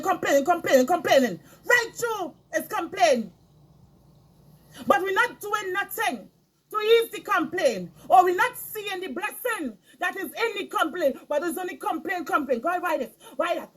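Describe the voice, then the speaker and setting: A woman's voice: very high voice, a bit bright. A middle-aged woman, delivering an impassioned moral lecture as a spiritual speaker, scolding and emphatic, repeating her phrases for weight.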